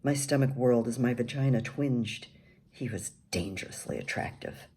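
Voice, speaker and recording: A woman's voice: extremely low pitch, moderate pace, mellow, slightly rough. An older woman reading her own memoir aloud in a wry, candid storytelling manner.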